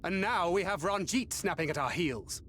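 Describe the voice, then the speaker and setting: A man's voice: high voice, lively intonation, moderate pace, fairly bright tone, slight background noise. A man voicing a stern, protective warrior in a video game, speaking in a clipped, scolding way.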